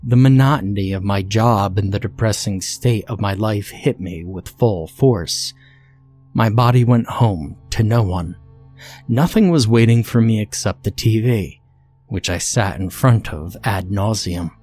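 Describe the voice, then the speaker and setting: Somber low-voiced man narrating horror. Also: a little slow, darkish tone, soft background music.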